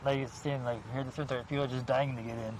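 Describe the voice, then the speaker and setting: A man's voice: mid-range voice, level tone, racing, noisy background. A man hosting a late-night horror show, chatting and telling jokes outdoors at a cemetery, laughing at his own punchlines. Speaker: show host. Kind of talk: casual chat.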